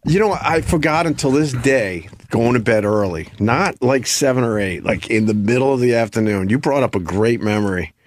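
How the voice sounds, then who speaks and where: A man hosting a radio talk show, chatting casually with lots of cursing and quick agreement. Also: mid-range voice. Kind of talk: casual chat. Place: radio studio.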